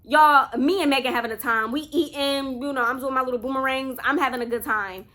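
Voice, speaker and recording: Bright-voiced chatty woman vlogger. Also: high-pitched, steady tone, fairly quick. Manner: chatty, talks straight to viewers. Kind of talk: casual storytime.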